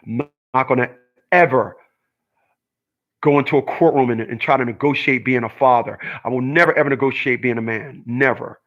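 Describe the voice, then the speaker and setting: Solo male host, middle pitch, emphatic monologue that hammers each point twice. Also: moderate pace, a bit bright, dull audio. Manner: emphatic, repeats his points. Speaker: channel host.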